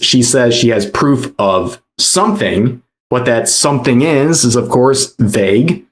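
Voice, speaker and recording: A man narrating online drama commentary in a measured, explanatory way, often repeating his key points. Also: mid-range voice.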